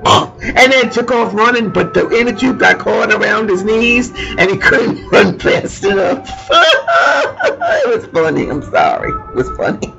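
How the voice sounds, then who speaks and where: A woman's voice: on the high side, moderate pace, gravelly. A woman from tells a rambling personal story, laughing often and searching for words. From Louisiana. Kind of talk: personal anecdote told aloud. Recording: lo-fi recording with music behind.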